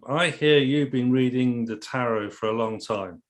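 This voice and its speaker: A man hosts a casual interview, friendly and lightly teasing with his guest. His voice sits at an ordinary middle pitch. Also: measured pace.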